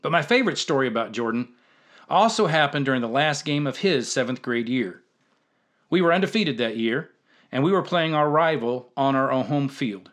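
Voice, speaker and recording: A storytelling show host who also coaches youth football tells a funny story with energy, acting out the dialogue. His voice is mid-range and his speed is normal.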